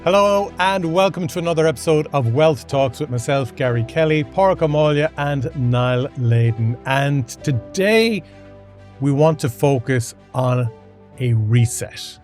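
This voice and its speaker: A man's voice: fairly high pitch, a little slow, faint music behind. A man hosting a podcast, steadily leading a casual chat. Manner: steady, leads the conversation. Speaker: podcast host.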